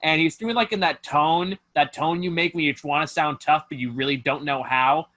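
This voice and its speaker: A man's voice: on the high side, moderate pace, pushed and bright. A man hosting a casual film review chat over a video call, talking in a profane, mocking way full of fillers. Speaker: host.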